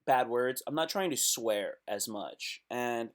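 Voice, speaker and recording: A man's voice: mid-range voice, lively intonation, slow pace. A man hosting a casual live stream, reacting aloud to web posts in a loose, slangy way.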